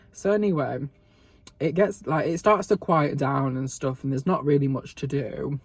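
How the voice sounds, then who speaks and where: A man's voice: on the high side, moderate pace, breathy edge, dry recording. A young man vlogging, telling a gossipy story in a sweary, sarcastic way and laughing often, filmed on a phone camera. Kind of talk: casual storytelling mukbang.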